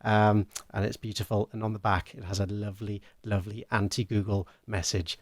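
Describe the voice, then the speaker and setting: A man's voice: on the low side, little pitch movement, fairly quick, hardly any pauses, dry recording. A British man co-hosting a charity livestream, cheerfully plugging merchandise and laughing easily. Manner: cheerful, giggly merch plug. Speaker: stream co-host. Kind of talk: casual charity stream chat.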